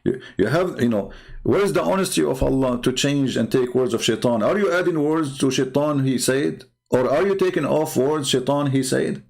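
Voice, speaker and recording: A man's voice: mid-range voice, moderate pace, vocal fry, a little mellow. A man hosting a livestream, arguing a point with rhetorical questions and plenty of hesitation. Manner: argumentative, repeats rhetorical questions, frequent filler. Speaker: online show host. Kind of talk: livestream commentary on religious texts.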